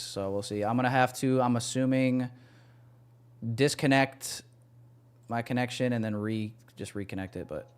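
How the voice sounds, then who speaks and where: A man's voice: mid-range voice, clear, resonant tone. A young man giving live commentary on his trades to a stream chat, casual and self-deprecating.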